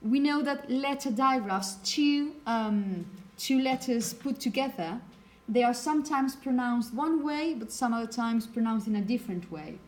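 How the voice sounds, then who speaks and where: A woman's voice: a little high, animated, unhurried, hardly any pauses, a little mellow. A woman whose first language is Spanish, teaching a phonetics lecture to a class and checking in with "okay?" as she explains.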